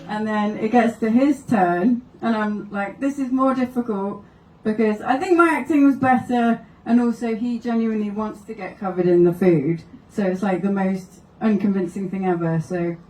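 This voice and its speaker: A woman's voice: medium pitch, moderate pace, few pauses, dark tone, recorded from a distance. Wry woman comic on a roomy stage. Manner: wry, laughing through her anecdotes. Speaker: stand-up comedian. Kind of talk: stand-up storytelling. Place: live comedy venue.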